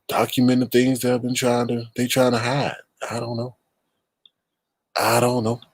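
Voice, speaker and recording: A man hosting a live stream, reacting theatrically with drawn-out exclamations and chatting to viewers. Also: medium pitch, no echo. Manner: theatrical, reacts loudly with drawn-out ooh and scared cries. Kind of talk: casual live-stream commentary.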